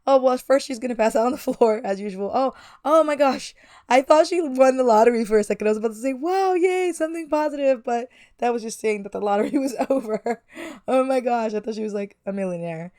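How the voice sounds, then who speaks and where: A woman's voice: fairly high pitch, fast talker, a little mellow, no room sound, studio quality. A woman hosting a let's play, chatting through a life-sim game with frequent fillers. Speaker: gaming channel host.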